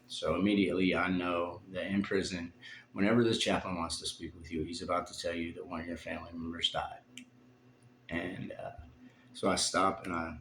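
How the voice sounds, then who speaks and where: Deep gravelly man telling a hard story. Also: level tone, fairly bright tone, slight background noise. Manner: halting and heavy, with long pauses and fillers. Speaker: vlogger telling his life story. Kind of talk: personal storytelling. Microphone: phone. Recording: roomy phone recording.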